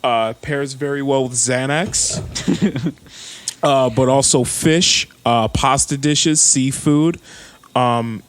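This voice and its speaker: A man co-hosting a wine podcast in casual, joking chat. His voice sits at a middle pitch for a man. He rambles, filling gaps with "like" and "um.". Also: fairly even intonation, takes it slowly, a little hiss or hum. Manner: joking, rambling, lots of fillers. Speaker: podcast co-host.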